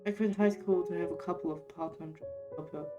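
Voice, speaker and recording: A woman voicing a quiet, ashamed young man. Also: fairly low pitch, steady tone, lo-fi sound, loud music behind the voice, close to an everyday voice. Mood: weary. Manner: subdued, halting, quiet.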